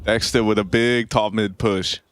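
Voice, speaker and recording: A man casting a live esports match, shouting excitedly during the big plays. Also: lowish voice, measured pace, clean tone, dry recording. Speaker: esports caster.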